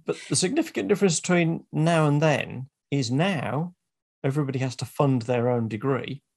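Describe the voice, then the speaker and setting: A man's voice: mid-range voice, normal speed, gravelly, a little mellow, husky. An older man hosting an interview, asking prompting and teasing questions in casual chat. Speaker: podcast host, vet.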